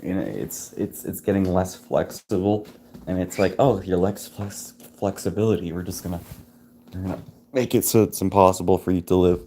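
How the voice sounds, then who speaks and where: A man recording himself while feeling sick and fatigued, groaning and swearing, with halting restarts. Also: deep voice, warm tone, a little hiss or hum. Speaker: vlogger. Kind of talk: rambling self-recorded vlog. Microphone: self-recording camera.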